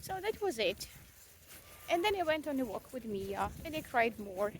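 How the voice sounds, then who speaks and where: A woman's voice: a little high, big pitch swings, moderate pace, slight background noise. A young mother venting in a casual, rambling vlog, frank and self-mocking, with frequent swearing and fillers. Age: young adult. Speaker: vlogger, mother.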